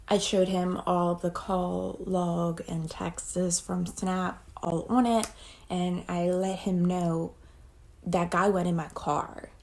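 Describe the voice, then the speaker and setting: Young woman doing a storytime vlog, low-ish raspy fry voice, blunt and sweary, rambly. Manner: blunt, profane, rambling retelling with quoted dialogue. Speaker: storytime vlogger. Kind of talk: casual storytime.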